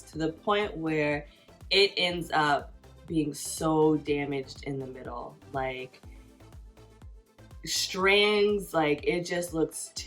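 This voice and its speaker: A woman's voice: low voice, a bit bright. A woman in her thirties telling a personal story on her vlog in a chatty, casual way, filling her phrases with "like". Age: 30s. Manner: chatty, fills every phrase with "like". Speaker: vlogger.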